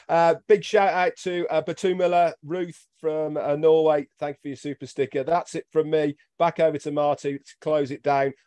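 Man, webinar co-host, quick and jokey, fairly high voice, dry sound. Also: little pitch movement, darkish tone, no echo. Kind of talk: casual chat, shout-outs.

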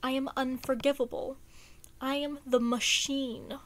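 A woman voicing a calm, stiff and weary logical man in a fan fiction reading, speaking in a clipped, formal, flat way. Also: high voice, unhurried. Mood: tired, resigned.

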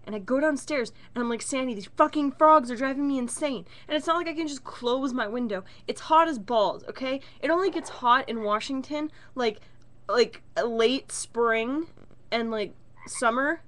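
The woman's voice is on the high side with a moderate pace. She's a vlogger filming in her bedroom, animatedly venting through a casual, profanity-filled story.

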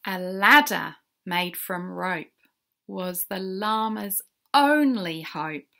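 A woman's voice: medium pitch, takes it slowly, gravelly, sharp tone. A woman reading a rhyming picture book aloud to children, in a sing-song way, sometimes whispering and asking the listener questions. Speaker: children's storyteller.

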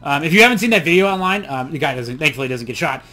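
A man's voice: fairly high pitch, expressive, racing, pushed and bright, faint music behind. A young adult man rambling and joking with himself while he plays a game. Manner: rambling, chatty, self-mocking asides. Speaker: let's play host. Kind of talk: casual gameplay commentary.

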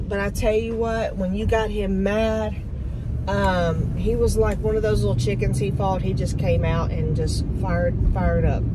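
A woman's voice: medium pitch, very noisy. A middle-aged woman, talking in a rambling, heartfelt way for a casual vlog, with lots of ums. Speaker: vlogger.

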